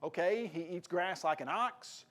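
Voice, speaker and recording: A Tennessee-accented man preaches a sermon in a fairly high voice. He talks with animated emphasis and often raises his voice for quoted lines. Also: measured pace.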